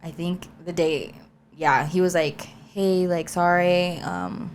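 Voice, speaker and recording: A young woman co-hosting a podcast, telling a story in a chatty, animated way with lots of fillers. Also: lowish voice, takes it slowly, slight background noise. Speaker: podcast co-host. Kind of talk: casual storytelling chat.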